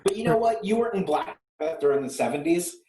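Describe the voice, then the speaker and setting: A man's voice: sits high, lively intonation, fast, echoey room, noisy background. A man co-hosting a music podcast, ranting sarcastically and swearing freely in casual chat. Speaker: podcast co-host.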